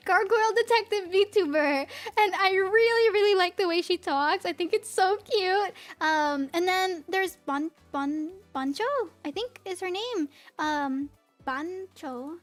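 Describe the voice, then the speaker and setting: A woman with a very high voice and a light New England accent, chatting with her livestream audience. She rambles and giggles a lot, and soft music plays faintly behind her. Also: measured pace. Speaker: streamer. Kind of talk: casual livestream chat, reading chat.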